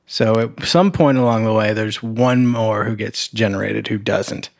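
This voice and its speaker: A man co-hosting a podcast, chatting casually about a movie in a halting way with many fillers. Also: on the low side, gravelly. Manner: hesitant, halting, lots of fillers. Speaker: podcast co-host.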